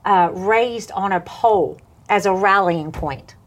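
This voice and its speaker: A woman, a minister on television and radio, chatting on a Christian talk show and telling stories with lively voices and frequent laughter. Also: medium pitch, unhurried. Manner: animated storyteller, laughs often, acts out voices.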